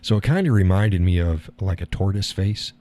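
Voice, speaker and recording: A man's voice: low-pitched, lively intonation, moderate pace, warm tone. A man hosting a live stream, talking casually and rambling, chuckling at his own remarks.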